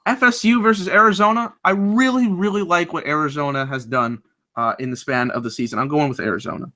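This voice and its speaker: A man's voice: fairly high pitch, brisk, bright, forceful tone. A young man co-hosting a casual sports chat over a video call, upbeat as he talks through his picks. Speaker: co-host making bracket picks.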